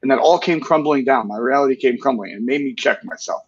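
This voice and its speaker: A man's voice: mid-range voice, quick pace, breathy edge, dull audio. A man in his forties as an interview guest, speaking earnestly in candid talk and often tagging his points with "right?". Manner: earnest, tag questions with "right?".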